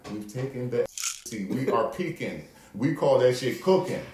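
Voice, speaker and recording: A man's voice: mid-range voice, animated, normal speed, a little mellow. A man co-hosting a podcast, telling a wild story in a loose, profane, laughing way. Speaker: podcast co-host. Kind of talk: casual storytelling chat. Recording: echoey room with faint noise.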